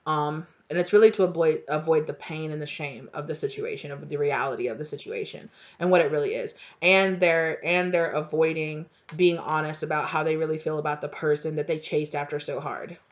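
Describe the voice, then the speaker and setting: A woman's voice: deep voice, steady tone, brisk, few pauses. Chatty woman tarot reader, lo-fi. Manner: chatty, filler-heavy, laughs often. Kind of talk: casual tarot reading.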